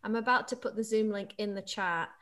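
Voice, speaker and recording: A woman hosting a watch-along stream, chatting casually and gushing excitedly over the episode. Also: medium pitch. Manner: gushing, excitable, quick restarts.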